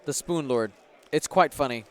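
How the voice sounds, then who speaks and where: A man's voice: medium pitch, normal speed. A man hosting a game tournament livestream, chatting upbeat with viewers and running giveaways. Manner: upbeat, chatty, hypes the chat. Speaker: stream host and commentator.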